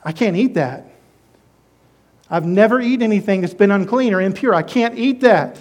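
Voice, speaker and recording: A man's voice: sits high, normal speed. A man voicing Peter, a devout Hebrew man insistently refusing unclean food. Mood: protesting.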